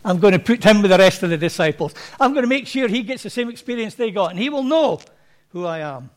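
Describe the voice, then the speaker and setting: A man voicing a calm, reassuring male teacher who quotes scripture in a measured way. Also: high voice. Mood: resolute.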